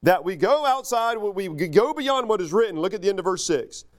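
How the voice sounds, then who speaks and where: A high-pitched man preaching a relaxed, conversational sermon. He teaches in a loose, chatty way, full of fillers and asides, and his pitch swings widely, dropping low for jokes and side remarks. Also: normal speed. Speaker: pastor.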